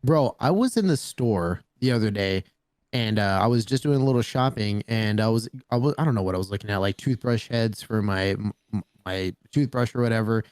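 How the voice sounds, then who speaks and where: A man's voice: fairly low pitch, brisk, clear, resonant tone, dry recording, clean studio sound. A man co-hosting a casual podcast, telling stories with lots of swearing and "bro". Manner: animated storyteller, swears freely, says "bro" a lot. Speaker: podcast co-host. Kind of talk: casual chat.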